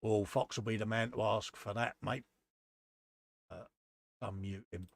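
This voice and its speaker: A man's voice: lowish voice, fairly even intonation, a little slow, vocal fry. A man co-hosting a live stream, casually reading out chat messages and greeting viewers by name. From United Kingdom.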